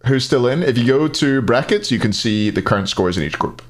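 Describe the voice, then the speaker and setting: A man's voice: mid-range voice, lively intonation, brisk. A man hosting an esports tournament live stream, chatting casually, thinking aloud and answering chat.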